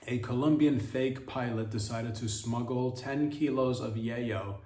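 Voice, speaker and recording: A man's voice: medium pitch, a little slow, darkish tone, reverberant, distant mic. A man hosting a comedy podcast, riffing in an absurd, rambling monologue and often correcting himself mid-sentence. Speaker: podcast host.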